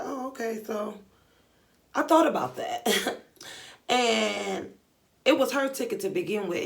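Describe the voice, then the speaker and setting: A young woman vlogger telling a story in casual, animated, slangy chat, acting out the dialogue. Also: medium pitch, gravelly. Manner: animated, slangy retelling with lots of quoted dialogue. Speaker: beauty vlogger.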